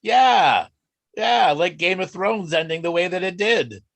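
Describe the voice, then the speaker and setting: A man's voice: sits high, normal speed, fairly bright tone. A man co-hosting a comedy show, blunt and sarcastic, with casual profanity. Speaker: comedy podcast co-host. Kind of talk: casual comedic roasting banter.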